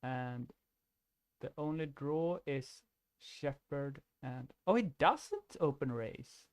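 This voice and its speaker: A man's voice: mid-range voice, expressive, slow pace, clean tone, dry recording. A man giving casual commentary on an online card game, thinking aloud, restarting his sentences and laughing easily.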